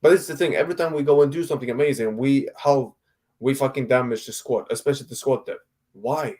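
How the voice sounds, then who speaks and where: A man's voice: medium pitch, dark tone, breathy edge. A man co-hosting a casual football debate over an online call, blunt and exasperated, firing off rhetorical questions and swearing. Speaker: football podcast co-host.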